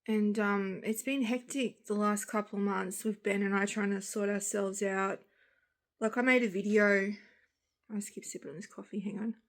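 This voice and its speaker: A woman's voice: medium pitch, fairly even intonation, normal speed. A young Australian woman chatting frankly in a vlog, tired and groggy, rambling in long run-on sentences. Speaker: vlogger. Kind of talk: casual chat.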